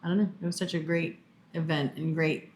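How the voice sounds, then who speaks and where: A woman's voice: low voice, fairly even intonation, fairly quick, darkish tone, a little hiss or hum. A woman co-hosting a casual podcast with her husband, telling stories in an earnest, emphatic way. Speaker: podcast co-host. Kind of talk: casual conversation.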